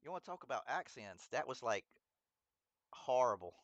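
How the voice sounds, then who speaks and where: Very animated and speaking at a normal pace, a man with a mid-range voice live-streams a mobile game, addressing chat directly, rambling, stumbling on names, and laughing at himself. The audio is dry and lo-fi.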